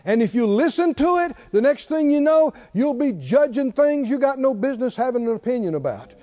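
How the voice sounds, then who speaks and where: A man's voice: extremely high pitch, fairly quick. A male pastor preaching a sermon, telling a story with acted-out dialogue and laughter. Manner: animated, acts out dialogue, laughs. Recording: dull lo-fi church recording.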